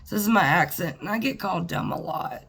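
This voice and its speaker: A woman talking to the camera in a personal, reflective monologue, halting and earnest, with pauses and sighs. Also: on the low side, expressive, creaky, a bit bright, husky. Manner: earnest and plainspoken. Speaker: vlogger.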